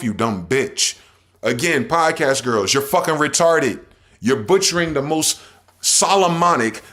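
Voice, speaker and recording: On a show he hosts himself, a man reads out word definitions while ranting and swearing. His delivery lurches back and forth between loud outbursts and low mutters.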